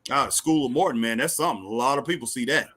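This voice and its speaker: A man's voice: medium pitch, quick pace, a bit bright. A man from the States, co-hosting a wrestling talk stream in laid-back casual chat, saying "man" often. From Southern United States. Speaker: podcast co-host. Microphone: live stream.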